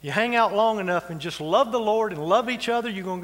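A man's voice: high voice, quick pace, hardly any pauses, fairly bright tone. A man preaching a sermon as pastor, folksy and conversational, with asides and chuckles. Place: church sanctuary. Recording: long reverb of a church hall.

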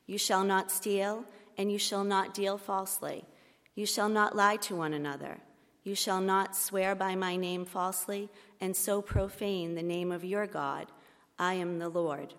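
A woman reading scripture aloud in a church service, measured and solemn. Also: mid-range voice, steady tone, fairly bright tone. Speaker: lector. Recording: long reverb of a church hall.

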